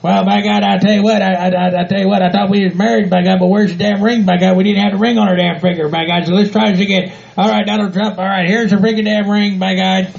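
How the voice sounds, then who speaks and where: Man voicing a hillbilly husband, gravelly, high voice, stammering, folksy, muffled lo-fi sound. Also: flat delivery, darkish tone. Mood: excited. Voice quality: gravelly, repeats "by God" constantly. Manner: halting, stammering, sentimental. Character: rowdy hillbilly husband, folksy, says "by God". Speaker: podcast regular. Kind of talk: comedic role-play podcast. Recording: dull lo-fi home recording.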